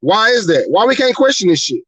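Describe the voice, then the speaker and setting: Man host, high voice, dry close sound, angry profane rant, rhetorical questions. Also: very animated, a little fast, a bit bright, husky, no echo, poor audio. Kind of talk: heated live-show rant.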